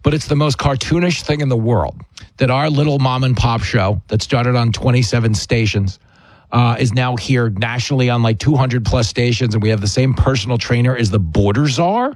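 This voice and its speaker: A man's voice: mid-range voice, normal speed, no room sound, studio quality. A man hosting a radio talk show, joking and telling stories about himself. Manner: joking, self-mocking, animated storytelling. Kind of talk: casual radio chat.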